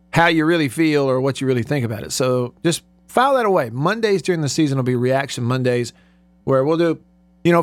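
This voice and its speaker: A man hosting a casual sports radio show from a studio, chatty and quick to laugh. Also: a little high, dry recording. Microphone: studio microphone.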